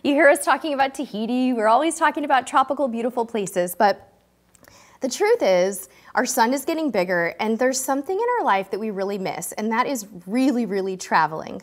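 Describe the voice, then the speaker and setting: Woman in her 40s doing a cruise live stream, kinda high voice, chatty, gets teary n choked up. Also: lively intonation, a little fast. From California, US. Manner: chatty, gushing, talks straight to viewers in the chat. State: tearful, choked up at times. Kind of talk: emotional live-stream chat.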